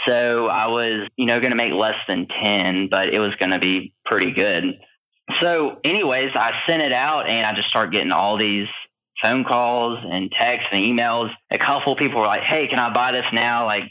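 A male guest in an interview, telling his story in an animated way with many fillers. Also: medium pitch, moderate pace. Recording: tinny phone-like line.

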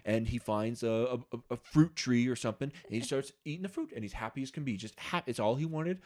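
A man's voice: medium pitch, fast talker. A middle-aged man co-hosting a podcast, chatting casually and telling stories earnestly and with feeling. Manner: earnest, emotional storyteller. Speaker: podcast co-host. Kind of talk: casual chat about faith and books.

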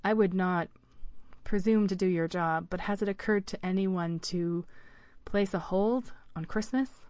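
A woman voicing a worried, polite female elf schoolteacher who speaks softly and quietly. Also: mid-range voice, measured pace, no echo, lightly acted.

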